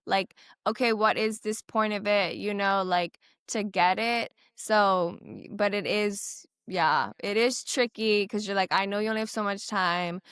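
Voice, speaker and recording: Speaking unhurriedly with few pauses, this young heart patient has a clear, resonant, mid-range voice, captured in a clean, echo-free studio. As an interview guest she's tearful and animated, close to crying, peppering her speech with "like" and voicing her doctors' words.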